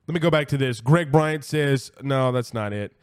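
A man hosting a casual college football live stream, reading viewer comments and giving blunt, animated opinions, often repeating himself for emphasis. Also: medium pitch, normal speed, clear, resonant tone. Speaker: host of a college football show.

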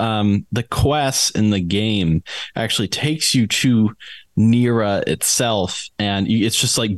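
A man's voice: fairly low pitch, no echo. A man co-hosting a casual podcast, rambling and hesitant with many fillers. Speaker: podcast co-host.

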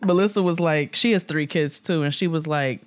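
A woman co-hosting a podcast in casual chat, playful and joking with quick asides. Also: deep voice. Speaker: podcast co-host.

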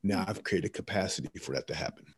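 A man's voice: sits low, fast, husky. A man, a motivational speaker, talking as a guest in an interview, emphatic and repetitive, telling stories with energy. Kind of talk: conversational interview, preaching.

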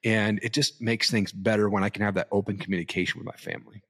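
A man's voice: fairly low pitch, steady tone, fast, fairly bright tone, slightly rough. A man in his thirties, an entrepreneur and father, speaking earnestly as a guest in a casual interview and often dropping in the word "man".

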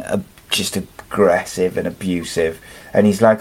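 A man's voice: low-pitched, steady tone, a little slow, a little mellow. A man hosting a casual wrestling chat show, rambling and swearing freely. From United Kingdom. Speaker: podcast host.

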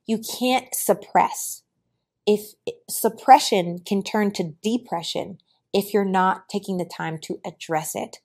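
A woman hosting a motivational podcast, preaching to her listeners with loud emphatic bursts and quiet low asides, calling them y'all. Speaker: podcast host. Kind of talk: motivational talk.

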